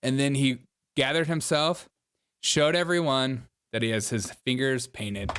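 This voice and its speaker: A man's voice: medium pitch, fairly even intonation, measured pace, a bit bright, clear, resonant tone. A man hosting a casual reaction commentary, mocking the clips he watches and laughing often as he talks. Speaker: host.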